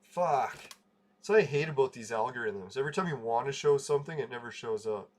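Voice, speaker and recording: A man's voice: medium pitch, animated, fairly quick. A man hosting a casual livestream, telling a rambling story, laughing and swearing freely. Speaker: livestream host.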